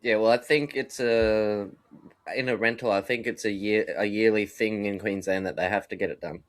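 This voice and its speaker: A man's voice: on the low side, steady tone, moderate pace. A co-host keeps his lines short and often joking. He cuts in casually while his friend tells a story. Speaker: podcast co-host. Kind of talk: casual chat.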